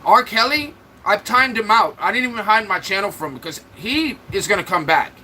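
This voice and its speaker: A man's voice: high voice, expressive, brisk, sharp tone, a little hiss or hum, rough recording. A man hosting a livestream, trash-talking and mocking commenters in loose, joking banter. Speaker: livestream host. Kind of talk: mocking live-chat banter.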